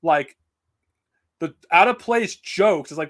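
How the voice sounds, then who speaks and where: Man, slightly high-pitched voice, casual live-stream talk, blunt, profane, rambling. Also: animated, slow pace, pauses often, fairly bright tone. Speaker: streamer reviewing comics and films.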